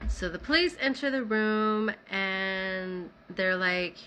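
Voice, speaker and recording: Speaking slowly in a pushed, bright voice of medium pitch, a woman casually recounts something that happened to her, peppering it with "like." There's a little hiss or hum in the recording.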